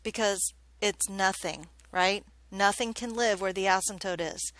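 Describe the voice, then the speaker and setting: A woman's voice: mid-range voice, unhurried, fairly bright tone, dry recording. A woman math teacher giving a classroom lesson, chatty and joking, often checking in with questions.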